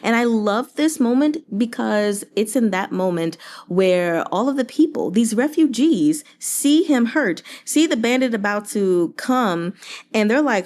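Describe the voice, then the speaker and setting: A young woman chatting casually about a novel she is reading along, animated and sarcastic, with jokey voices for the characters. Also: fairly high pitch, moderate pace. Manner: animated, sarcastic asides and silly put-on voices. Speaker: book reviewer reading along.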